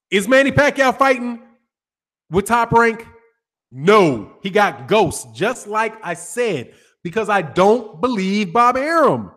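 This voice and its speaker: A man's voice: high-pitched, sing-song, slow pace, fairly bright tone. A man from the North Side of Chicago with a Chicago accent, hosting a boxing channel live stream, talking loosely in slang and greeting chat viewers by name.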